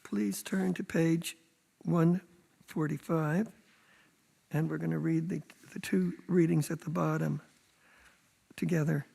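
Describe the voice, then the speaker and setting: Hoarse man, gravelly, dark tone, service leader, long hall reverb. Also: a little high, steady tone, slow pace, long pauses. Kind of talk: leading a prayer service. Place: synagogue sanctuary.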